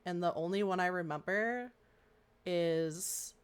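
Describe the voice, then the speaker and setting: A woman's voice: lowish voice, pushed and bright. An American woman co-hosting a podcast, chatting casually with a playful, joking manner. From United States. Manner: chatty, playful, quick to joke. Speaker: podcast co-host. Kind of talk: casual chat.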